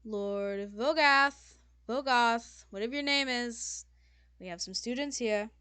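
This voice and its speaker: A weary, composed male lord in a tabletop game, as a woman game master puts him on, speaking quietly and drily. The voice is bright and close-miked. The room adds little echo. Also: fairly high pitch, slow pace, clean tone. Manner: quiet, dry and restrained.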